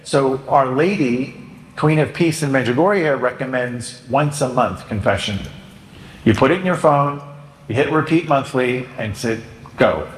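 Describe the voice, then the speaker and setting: A man, a priest, giving a conversational sermon with jokes, acting out confessions in a lively way. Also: mid-range voice, unhurried. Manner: conversational, joking, acts out penitents and himself. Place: church. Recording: echoey church with long reverb.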